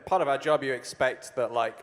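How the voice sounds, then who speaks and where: Male artist panelist, casual and wry, mid pitch, hall echo. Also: a little fast. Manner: wry, laughing. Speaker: concept artist. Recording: echoey convention hall.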